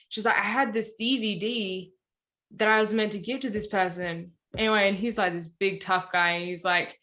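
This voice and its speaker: A woman's voice: medium pitch, a bit bright. Australian woman, casual chat, rambling storyteller with filler words. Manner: rambling, many "anyway" and "like" fillers. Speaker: podcast co-host.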